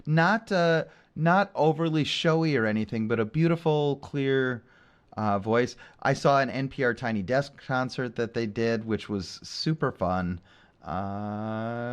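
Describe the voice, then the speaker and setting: A man's voice: mid-range voice, a little slow, clean tone. A man co-hosting a podcast in casual chat, joking and teasing his co-host.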